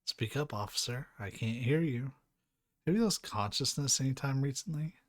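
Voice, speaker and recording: A man's voice: mid-range voice, animated, normal speed, no room sound, studio quality, natural voice. A man reading a scornful, demanding professor. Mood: interrogating. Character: arrogant, hostile older male scientist.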